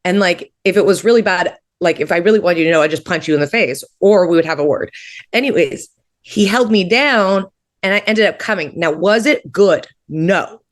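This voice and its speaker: A woman's voice: lowish voice, moderate pace. A woman comedian from Canada in casual comedic chat, candid and laughing, with lots of fillers. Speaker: comedian guest.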